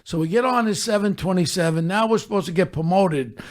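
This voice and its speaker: A man's voice: high voice, brisk. An older man telling stories in a blunt, profane, streetwise way. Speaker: storyteller on his own podcast. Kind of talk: casual storytelling.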